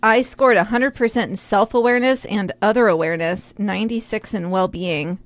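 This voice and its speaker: A woman's voice: mid-range voice, brisk, no room sound. A woman co-hosting a podcast, chatting in a reflective, casual way. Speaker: podcast co-host. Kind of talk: casual conversation.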